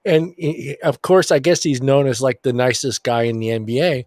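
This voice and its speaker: A man's voice: mid-range voice, a little fast, darkish tone, no echo, studio quality. Rambling, casually swearing male storyteller. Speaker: podcast co-host. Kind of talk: casual sports chat.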